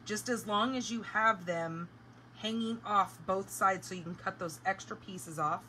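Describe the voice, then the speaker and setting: A woman's voice: mid-range voice, a little slow, bright, forceful tone, slight background noise, rough recording. A woman hosting a live craft tutorial, chatting casually and explaining each step as she works. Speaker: craft demonstrator.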